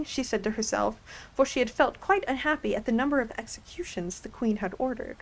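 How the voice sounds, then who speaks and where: A woman reading a storybook aloud as soft ASMR storytelling, with gentle, chatty asides, on a close microphone. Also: on the high side, expressive, a little fast, poor audio. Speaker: ASMR reader.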